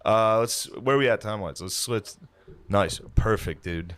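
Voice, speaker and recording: A man's voice: lowish voice, unhurried, fairly bright tone. A man hosting a podcast in casual chat, teasing his co-host, laughing often and slipping into acted quotes.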